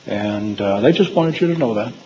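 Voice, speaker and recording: A man's voice: fairly low pitch, lively intonation, moderate pace, dark tone, long reverb tail, lo-fi sound, a little hiss or hum. A man giving a talk to a live audience, telling personal stories in a rambling way with frequent fillers and restarts. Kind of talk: storytelling lecture to a live audience. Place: hall with audience.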